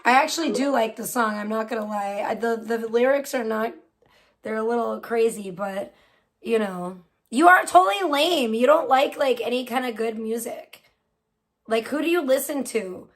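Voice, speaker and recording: A high-pitched woman talks straight to her livestream chat. She swears freely and speaks bluntly and heatedly, like she's venting to friends from a home streaming setup. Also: moderate pace. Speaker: livestream host. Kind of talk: casual live-stream chat with viewers.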